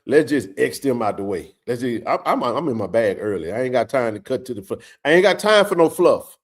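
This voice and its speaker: Fiery, animated livestream sports host. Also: male voice, medium pitch, a little fast. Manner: fiery, preachy, colloquial, repeats himself for emphasis. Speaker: host of a college football show.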